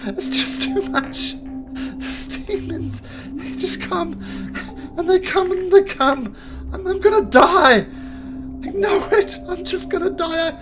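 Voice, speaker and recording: A sobbing, terrified drow soldier. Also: male voice, animated, takes it slowly, background noise, full character voice. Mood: panicked. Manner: high wailing, breaking into sobs.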